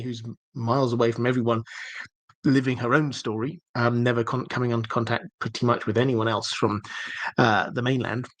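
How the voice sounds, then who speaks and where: A man hosting a livestream Q&A, talking things through in a thoughtful, halting way with many fillers and restarts. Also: mid-range voice, a bit bright, no room sound, poor audio. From southern England. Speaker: livestream host answering viewer questions. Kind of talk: unscripted Q&A livestream.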